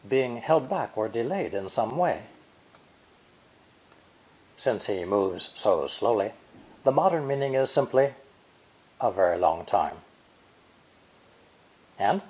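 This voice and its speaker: A man narrating a scripted language lesson in a measured way, modeling each sound as he explains it. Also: medium pitch, darkish tone. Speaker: language teacher.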